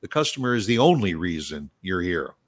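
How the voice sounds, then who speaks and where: Agreeable male host, halting. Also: low-pitched, very animated. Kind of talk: casual chat.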